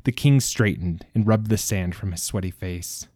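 Man narrating a fantasy story, low mellow voice, dry close mic, measured and dramatic. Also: dry recording. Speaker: audiobook narrator.

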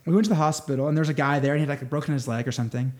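A man telling stories as an interview guest, in an eager, halting way with many restarts. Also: on the high side, fairly even intonation, darkish tone. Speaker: missionary guest. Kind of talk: interview storytelling.

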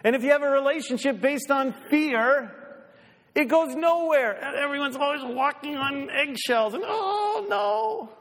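Male pastor, high-pitched, animated preaching in a church with long reverb. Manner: animated, acts out little voices, ends in quiet prayer. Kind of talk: sermon. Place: church sanctuary.

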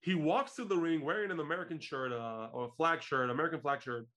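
A man's voice: on the high side, fast. Israeli man retelling old wrestling shows. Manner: animated storytelling, laughs often. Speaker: podcast co-host. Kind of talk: casual wrestling review chat.

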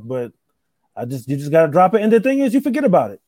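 A man's voice: sits high, lively intonation, quick pace, a little mellow, no echo, studio quality. A man who is a stand-up comic, chatting casually in a laid-back way, repeating himself and trailing off with "man". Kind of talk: casual podcast chat.

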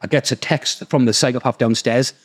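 A man with a Geordie accent, hosting a podcast and telling a story in a sweary, animated way. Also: medium pitch, a little fast. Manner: sweary, animated, acts out the people in his stories. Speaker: podcast host. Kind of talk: casual storytelling.

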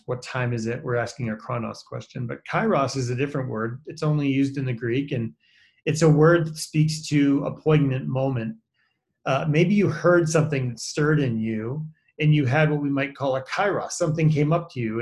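A man leading a reflective closing talk as a pastor on a video call, speaking slowly with hesitant fillers. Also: medium pitch. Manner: slow, measured, with hesitant fillers.

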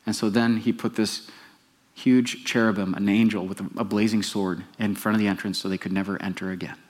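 A pastor preaching a sermon, telling the story with animation and putting questions to the congregation. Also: male voice, on the low side, level tone, brisk, a little mellow.

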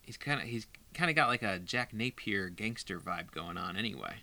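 A man's voice: fairly low pitch, expressive, normal speed, bright, forceful tone. A man co-hosting a podcast in casual chat, talking hesitantly with many "like"s and restarts. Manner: hesitant, lots of fillers and restarts. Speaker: podcast co-host.

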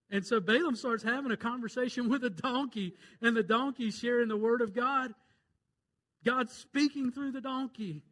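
A man with a Mississippi accent preaching a sermon, retelling a Bible story in a folksy way and swinging between loud and hushed. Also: extremely high pitch, normal speed. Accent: Southern US, Mississippi. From Mississippi, USA. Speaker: pastor.

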